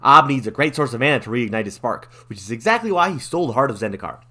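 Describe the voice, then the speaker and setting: A man retells a fantasy story in a breezy, jokey way, full of casual slang, as a comedic recap. He talks fast, and his pitch jumps all over the place. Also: lively intonation, pushed and bright. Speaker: storyteller and channel host.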